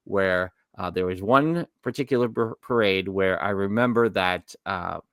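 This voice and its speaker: A man's voice: sits low, unhurried, fairly bright tone, smooth, no echo. A man in his forties with a New York accent, co-hosting a casual theme park podcast and telling rambling stories that he keeps correcting mid-sentence. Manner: rambling, self-correcting storyteller. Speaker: podcast co-host. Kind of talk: casual chat.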